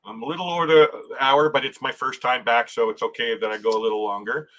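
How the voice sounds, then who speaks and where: A man's voice: medium pitch, fairly even intonation, quick pace, fairly bright tone, low-quality recording. A man hosting a casual travel livestream, reading viewer comments aloud, chatting and laughing often, restarting his sentences. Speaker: livestream host.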